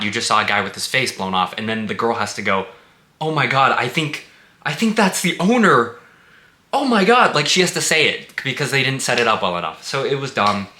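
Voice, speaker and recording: A man's voice: medium pitch, sharp tone. A man giving a casual spoken movie review, blunt and sarcastic, swearing freely. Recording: echoey room.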